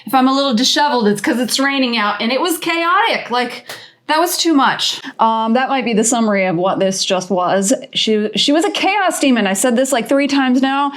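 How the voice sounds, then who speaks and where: A woman craft vlogger chatting casually and excitedly, often laughing at herself, a little out of breath. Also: sits high, moderate pace. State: a bit out of breath. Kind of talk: casual shop-with-me vlog chat.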